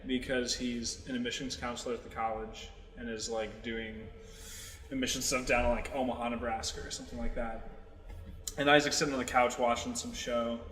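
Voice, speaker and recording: A young man in his twenties tells a story with lots of likes and curse words. His voice is bright and forward. The recording has a roomy echo with a long hall tail. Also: mid-range voice, little pitch movement, brisk. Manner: rambling, filler-heavy, swears a lot. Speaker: podcast co-host. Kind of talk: casual storytelling chat.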